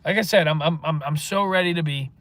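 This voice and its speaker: A man's voice: fairly high pitch, fast talker, fairly bright tone, no echo. A man hosting a casual livestream, rambling and swearing as he answers chat comments. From northeastern United States. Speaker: livestream host.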